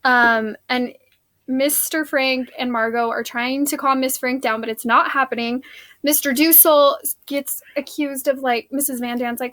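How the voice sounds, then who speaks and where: A woman's voice: sits high, steady tone, measured pace, a bit bright. A woman teacher giving a casual, chatty recap of a play scene, filling her talk with "like" and "um.". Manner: chatty, lots of "like" and "um". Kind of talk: casual spoken lesson recap.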